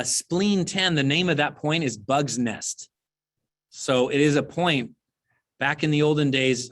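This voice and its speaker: A man who teaches qigong, giving relaxed, explanatory advice on a video call and thinking aloud as he goes. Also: medium pitch.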